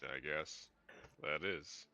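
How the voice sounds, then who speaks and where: Very deep guy mumbling short lines in a game, bright edgy tone, dull lo-fi mic. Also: slow, creaky. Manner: terse, low-key, mumbling. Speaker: player. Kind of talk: casual tabletop play.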